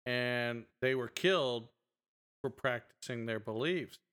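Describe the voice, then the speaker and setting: A man co-hosting a podcast in casual chat, answering agreeably and getting animated when he tells a story. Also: mid-range voice, clear, resonant tone. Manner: agreeable, quick back-channel replies, animated when telling stories. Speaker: podcast co-host.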